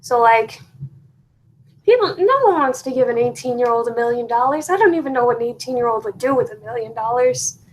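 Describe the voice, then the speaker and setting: A young woman co-hosts a podcast, thinking aloud in a measured way. Her voice sits high. A faint hiss runs underneath. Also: lively intonation, poor audio. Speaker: podcast co-host. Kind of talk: casual chat.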